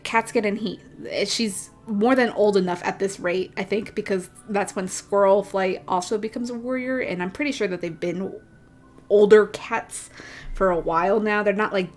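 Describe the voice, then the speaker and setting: A young adult woman ranting casually about books while she draws, laughing often and sounding exasperated. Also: mid-range voice. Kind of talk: casual rant while drawing.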